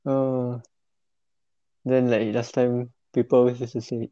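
A man's voice: medium pitch, flat delivery, unhurried, dark tone, no echo, lo-fi sound. Laid-back Singaporean young man. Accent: Singaporean English. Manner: laid-back, chatty, drops into mock voices. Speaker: podcast co-host. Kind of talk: casual late-night chat.

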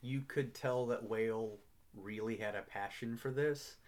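A man's voice: lowish voice, unhurried, a little mellow. A man co-hosting a podcast, casually sharing behind-the-scenes film history in a knowledgeable, storytelling way. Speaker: podcast co-host.

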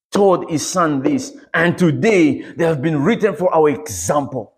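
Animated man preaching with a Congolese accent. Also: a little high, measured pace, few pauses. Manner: animated storytelling, acting out prayers and street scenes. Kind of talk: sermon.

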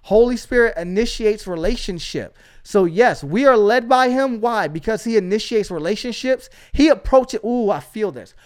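A man's voice: sits high, lively intonation, moderate pace, hardly any pauses. A man hosting a faith podcast, preaching with emphatic energy and frequent call-outs to his listeners.

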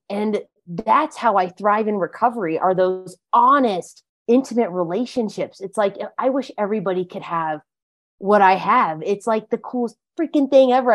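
A woman's voice: medium pitch, moderate pace. A woman guest on a podcast, telling her story in a chatty, emphatic way with lots of filler words. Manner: chatty and emphatic, heavy use of "like". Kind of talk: casual conversational interview.

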